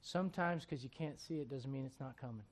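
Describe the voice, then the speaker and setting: A man preaching a sermon. He swings between quiet, close asides and loud, emphatic preaching, and keeps asking his listeners rhetorical questions. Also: mid-range voice, fairly quick. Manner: asks the congregation rhetorical questions.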